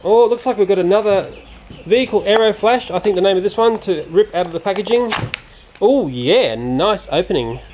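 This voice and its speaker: A man's voice: high-pitched, animated, brisk, noisy background. A man casually reviewing a toy playset, chatty and given to exclamations like "oh dear.".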